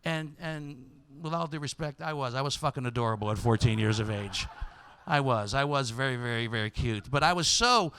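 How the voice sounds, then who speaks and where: A man hosting a comedy show, telling a self-mocking story on stage and breaking into loud, excited impressions of his younger self. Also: medium pitch, a little fast, a little hiss or hum. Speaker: comedian host. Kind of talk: stand-up storytelling monologue. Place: on stage before a live audience.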